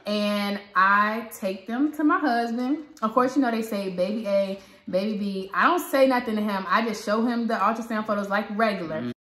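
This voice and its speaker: A woman vlogger with a Southern American accent, chatting and retelling a story with lively quoted dialogue. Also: mid-range voice, normal speed, hardly any pauses. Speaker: parenting vlogger. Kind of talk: casual storytelling. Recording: echoey room.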